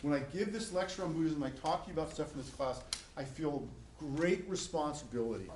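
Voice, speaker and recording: Chatty middle-aged male professor lecturing. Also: a little high. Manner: conversational, repeats himself, acts out quick voices. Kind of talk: college lecture. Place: classroom. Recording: echoey classroom with faint noise.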